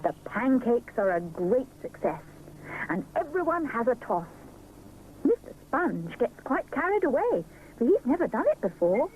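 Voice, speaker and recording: A woman narrating a children's storybook show in a gentle, expressive way. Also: sits high, a little slow, low-quality recording. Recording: hissy 1970s TV soundtrack.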